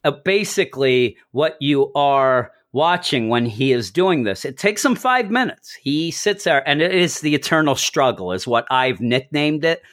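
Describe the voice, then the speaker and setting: A man's voice: mid-range voice, expressive, normal speed, few pauses, fairly bright tone. A middle-aged man co-hosting a podcast in casual chat, telling long rambling stories and chuckling as he goes. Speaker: podcast co-host.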